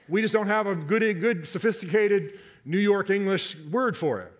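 A man preaching a sermon to a congregation, animated and joking, often repeating and restarting his words. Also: high-pitched, normal speed. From Southern United States, half his family.

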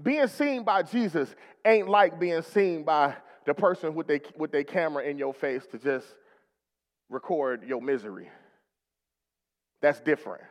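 A man's voice: a little high, lively intonation, a little slow, long reverb tail. A male pastor preaching a rousing sermon in a church, calling for responses from the congregation.

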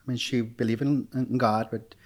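Male guest, 30s, halting with lots of "uh", wry humor. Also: mid-range voice, steady tone, darkish tone. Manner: hesitant, many "uh" and "um", dry jokes. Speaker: podcast guest. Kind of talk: casual interview chat.

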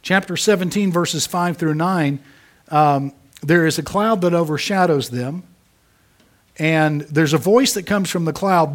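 A man preaching a sermon, emphatic, rising to loud peaks and dropping to soft asides. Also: fairly high pitch, measured pace. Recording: audio of a church sermon.

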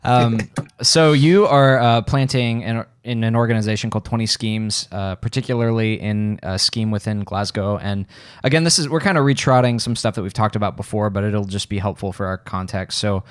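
Low-voiced easygoing male podcast host. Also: fairly even intonation, normal speed, clean tone, dry recording, studio quality. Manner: easygoing, laughs often. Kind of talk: casual podcast conversation.

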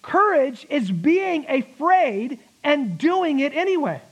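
A pastor preaching a sermon, emphatic, with laughing asides and slowed-down key words. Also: male voice, extremely high pitch, very animated, fairly bright tone, low-quality recording.

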